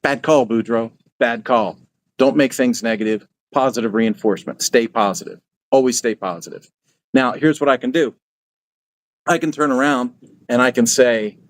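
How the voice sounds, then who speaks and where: An older man hosting his channel, giving casual advice in a folksy, repetitive way. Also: mid-range voice. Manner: folksy, repetitive, quotes himself in asides. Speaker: channel host.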